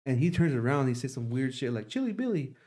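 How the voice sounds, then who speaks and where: A man's voice: mid-range voice, fast, darkish tone. A young man in casual podcast talk, rambling through a long story with lots of swearing. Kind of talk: casual chat.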